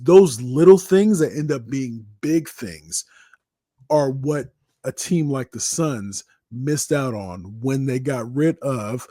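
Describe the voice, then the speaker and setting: A man's voice: medium pitch, breathy edge, dry recording, studio quality. A man in casual sports talk who restarts often and acts out little scenes as he makes his point. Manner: animated, repeats words, acts out little scenes. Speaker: guest sports commentator.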